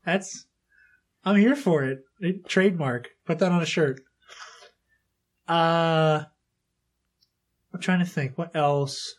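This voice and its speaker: A woman with a deep voice hosts a podcast, speaking slowly with long pauses. She's interviewing a child guest in a chatty, casual way, laughing often and restarting her sentences.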